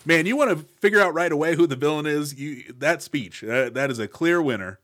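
A man's voice: fairly high pitch, fairly quick, fairly bright tone. A man co-hosting a movie podcast, telling stories with wry enthusiasm. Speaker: podcast co-host. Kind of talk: casual movie discussion.

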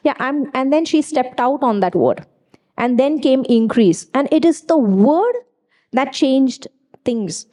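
A woman preaching with a slightly high, mellow voice. She speaks emphatically and repeats key phrases for weight. She often slips personal stories into the sermon. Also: expressive, measured pace.

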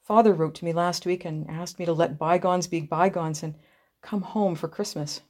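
A woman voices a tired young mother in a storybook, widowed and hard up but hopeful. She speaks wistfully, a touch higher than the narration. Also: fairly even intonation, normal speed, a little mellow, close to an everyday voice.

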